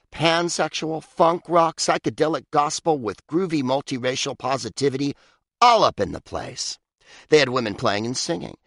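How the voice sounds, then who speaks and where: A man's voice: medium pitch, fairly bright tone, no room sound, clean studio sound. A man reading his own comic book aloud, sardonic and mock-pompous, with big swoops for emphasis. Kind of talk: comic audiobook narration.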